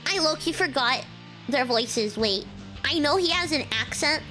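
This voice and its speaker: A woman's voice: sits high, animated, unhurried, sharp tone, faint music behind. A young woman streamer chatting and giggling while she reads a visual novel aloud, switching between reading and reacting.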